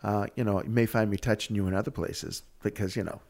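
A man with a fairly low voice chats casually as a podcast co-host. He tells stories with energy and acts out the voices of the people in them. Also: quick pace, vocal fry. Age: adult. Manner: animated storyteller, acts out quotes. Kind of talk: casual chat.

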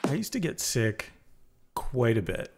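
Man with a gravelly, chatty voice. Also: mid-range voice, sing-song, unhurried, over loud music. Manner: chatty, many fillers like "like" and "uh". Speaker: podcast co-host. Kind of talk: casual chat.

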